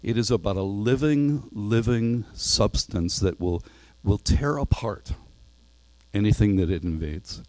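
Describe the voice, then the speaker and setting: Dark-voiced man preaching a sermon. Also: lowish voice, lively intonation, measured pace, dry recording. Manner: earnest, reads a storybook passage aloud with voiced parts.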